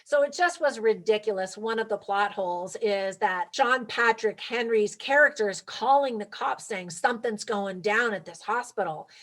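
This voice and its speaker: A woman's voice: mid-range voice, moderate pace, few pauses, fairly bright tone. A woman talking through a movie review for her viewers, chatty and upbeat, with light laughs. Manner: talks straight to viewers. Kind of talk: casual movie review vlog.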